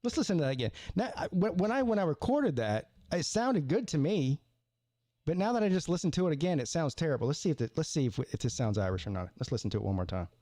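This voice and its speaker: A man's voice: a little high, big pitch swings, quick pace, mellow, dry recording. A man hosting a live sports call-in stream, rambling casually with stammered restarts and repeated words.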